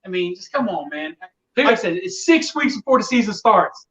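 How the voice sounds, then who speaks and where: A man's voice: high-pitched, big pitch swings, moderate pace, a bit bright, distant mic, rough recording. A man talking casually on a sports podcast, venting with exasperation about fickle fans. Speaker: podcast guest, Colts fan.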